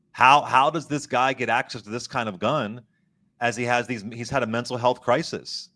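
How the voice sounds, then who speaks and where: A man's voice: medium pitch, a bit bright. A man guest-hosting a political commentary show, talking in an impassioned, emphatic way and repeating words for stress. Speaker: guest host.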